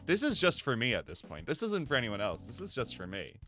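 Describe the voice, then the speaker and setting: At his home desk, a male live streamer chats casually into a desk mic routed through a mixer, talking fairly quickly. His bright voice swings widely in pitch as he rambles animatedly, swears lightly and mocks himself. Faint music plays underneath.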